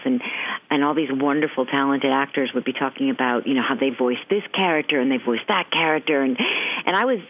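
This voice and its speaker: Middle-aged woman from New England, voice actress guest; animated chatty delivery, frequent laughs, phone-line sound. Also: low voice. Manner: chatty, animated, laughs often, many restarts. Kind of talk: casual interview chat. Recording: tinny phone-line audio.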